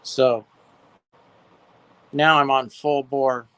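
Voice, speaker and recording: A man from California casually telling stories about his neighbors, animated and mimicking them in high voices, talking outdoors into a phone. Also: very slow, smooth, no echo. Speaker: livestream guest. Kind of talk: casual storytelling chat.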